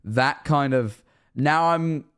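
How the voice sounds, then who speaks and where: Young male streamer, lightly raised pitch, animated, profane reaction commentary. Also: slow, smooth. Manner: animated, swearing, jokey.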